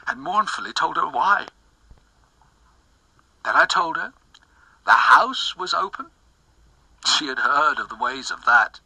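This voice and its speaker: A man's voice: a little high, bright, forceful tone, breathy edge, dry recording, low-quality recording. A man giving a dramatic poetry recitation, impassioned, dropping to whispers and rising to anguished cries. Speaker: poetry reader.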